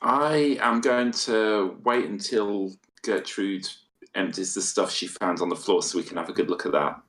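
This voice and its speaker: A man's voice: fairly low pitch, measured pace, a bit bright. A man playing a tabletop game, dropping dry wisecracks. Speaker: player. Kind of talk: casual tabletop play.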